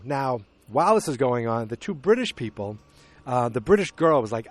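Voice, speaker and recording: A podcast host recapping a film in a loose, rambling way, with many restarts and quoted character lines. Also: male voice, mid-range voice, lively intonation, moderate pace, no room sound. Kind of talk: casual movie recap.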